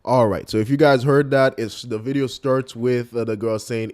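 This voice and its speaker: A young man hosting a casual commentary video, talking straight to his viewers with animated disbelief. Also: on the low side, normal speed, few pauses. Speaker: commentary host.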